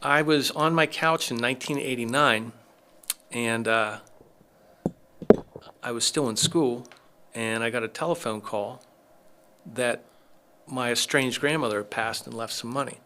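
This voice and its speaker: A man's voice: medium pitch, unhurried, pauses often, sharp tone, smooth. A middle-aged man, a chiropractor, telling his story as a podcast guest, acting out the dialogue of people he quotes. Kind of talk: casual storytelling interview.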